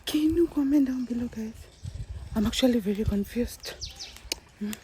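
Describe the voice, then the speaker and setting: Her voice sits a little high and moves at a moderate pace as this vlogger chats to camera at home, constantly saying "guys" to her viewers. There's building work nearby, and the phone audio is noisy.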